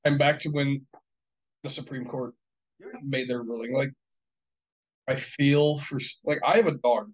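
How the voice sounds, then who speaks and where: A foul-mouthed man holds forth in a loose, casual chat. He talks bluntly and with heat, circling his point with plenty of fillers, at a middling pitch. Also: fairly even intonation, a little slow, long pauses, low-quality recording. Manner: blunt, heated, heavy swearing; rambling with many fillers.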